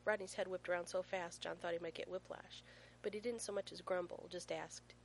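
A woman reads a fan fiction story aloud in a fairly low voice, telling it with playful warmth. A faint hum sits beneath her narration. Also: steady tone, fairly quick, gravelly, poor audio.

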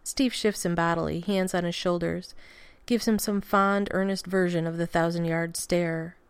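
A woman narrating a fan fiction story aloud at a steady pace with casual swearing. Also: fairly low pitch, normal speed, smooth, dry recording.

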